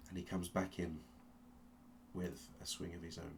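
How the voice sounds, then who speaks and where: A man narrating a tabletop game as game master, telling the story slowly and with suspense, often restarting his sentences. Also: low voice, little pitch movement, vocal fry, a little hiss or hum. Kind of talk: dramatic second-person narration of a tabletop game.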